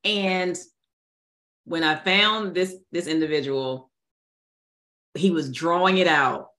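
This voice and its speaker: A woman with a fairly low voice recounts how the book came together, acting out her own reactions with lively, animated delivery. She laughs easily as she tells it. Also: takes it slowly. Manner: animated storytelling with laughter and acted quotes. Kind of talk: conversational interview.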